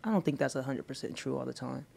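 A woman's voice: a bass voice, fast talker, vocal fry, breathy edge. A woman co-hosting a studio podcast, bantering casually and cracking jokes. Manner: animated, jokey, laughs often. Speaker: podcast co-host.

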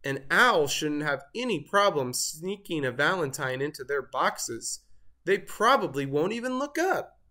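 A storybook reader voicing an excitable male turkey with a high squawky gobbling voice. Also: measured pace. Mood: eager. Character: excitable male turkey who loves secret valentines. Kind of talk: storybook read-aloud.

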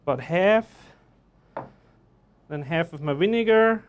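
A man's voice: fairly high pitch, expressive, takes it slowly. Joking man chef teaching live. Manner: chatty, joking, explains as he works. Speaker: chef instructor. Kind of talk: live online cooking class. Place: kitchen.

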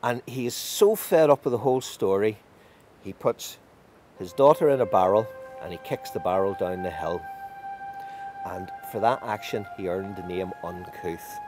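A man telling a folk tale in a lively, animated way. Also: lowish voice, normal speed, music in the background. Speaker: storyteller.

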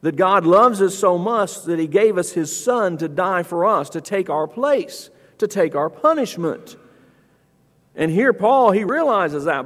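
A man preaching a sermon in a church, reading scripture aloud and acting out the quoted speakers with rising, lively emphasis. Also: measured pace. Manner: animated, acts out scripture quotes with raised pitch. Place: church auditorium. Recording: long church hall reverb.

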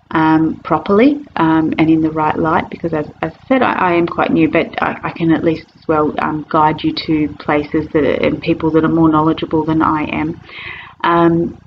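A woman telling her personal story in a casual, hesitant way, with frequent ums and restarts and easy laughter. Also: on the low side. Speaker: convert sharing her story. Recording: dull lo-fi recording, faint noise.

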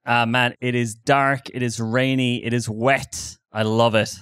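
A man's voice: mid-range voice, little pitch movement, unhurried, fairly bright tone, clean tone, no room sound, clean studio sound. An Irish man co-hosting a podcast, chatting casually in an upbeat, joking way. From Ireland. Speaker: podcast co-host.

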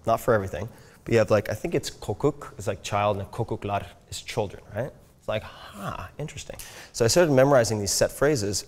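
An American man with a lowish, darkish voice gives a casual, conversational talk about learning languages. As he goes, he frequently checks in with "right?"

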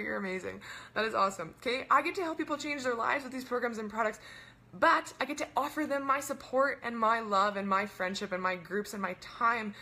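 A young woman coaching online, pitching casually in an upbeat, fast-talking, chatty way and often asking "right?". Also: bright, forceful tone, a little hiss or hum.

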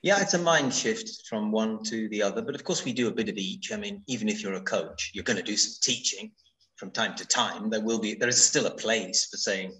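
A man's voice: lowish voice, lively intonation, brisk, sharp tone, low-quality recording. A man presenting a coaching workshop, answering questions conversationally on a video call, with anecdotes and rhetorical questions. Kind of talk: webinar Q&A answers.

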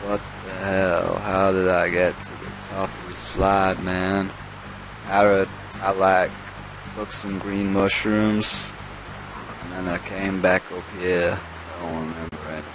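A man putting on the voice of a dazed, slow-talking stoner surfer dude, drawling and slangy. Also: low-pitched, flat delivery, over music, pitched below the performer's own voice. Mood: spaced-out.

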